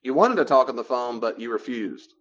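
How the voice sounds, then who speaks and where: A man's voice: mid-range voice, expressive, fairly quick, muffled recording. A man teaching a class on personal boundaries in a conversational lecture style, repeating phrases for emphasis. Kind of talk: classroom lecture with role-play.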